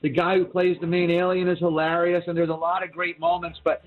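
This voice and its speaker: A man's voice: sits high, completely flat delivery, fairly quick. A man critiquing TV shows in casual chat, rambling with many restarts and fillers, and hiccuping as he talks. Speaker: TV critic guest. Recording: tinny phone line.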